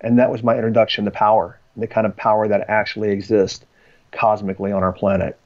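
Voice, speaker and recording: A fast-talking man with a lowish voice and flat delivery is a podcast guest recounting personal stories. His conversational telling rambles, with many ums and restarts, and the lo-fi sound is slightly dull.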